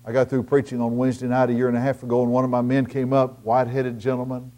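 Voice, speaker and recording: A middle-aged man preaching a sermon as pastor, swinging between loud emphatic lines and hushed storytelling. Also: medium pitch, completely flat delivery, fast talker.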